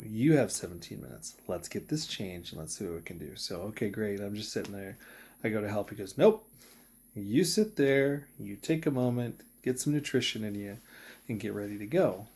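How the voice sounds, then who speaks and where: A man's voice: fairly low pitch, fairly quick, gravelly, darkish tone. A man in his thirties, a triathlete vlogger, telling a race story in a rambling, reflective way, full of fillers and quoted dialogue. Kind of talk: casual vlog storytelling.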